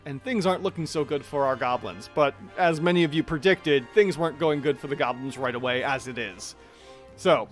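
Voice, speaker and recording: Chatty man running a tabletop battle. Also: on the high side. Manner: chatty, thinks aloud, reads rules mid-turn. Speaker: game master. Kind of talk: narrating a tabletop battle livestream.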